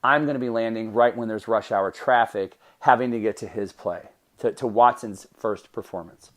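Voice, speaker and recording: A man in his thirties, hosting a podcast, tells a personal story in an animated way, often breaking off and restarting his sentences. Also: on the low side, moderate pace. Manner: animated, self-interrupting storytelling with restarts and laughs. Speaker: podcast host.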